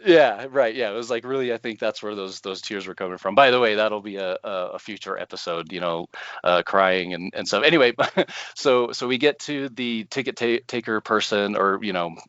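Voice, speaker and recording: Man telling a story with animated energy. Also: fairly low pitch, moderate pace, clean tone, no echo, muffled recording. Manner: animated, laughs often, acts out his own panic. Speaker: podcast co-host. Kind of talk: casual storytelling.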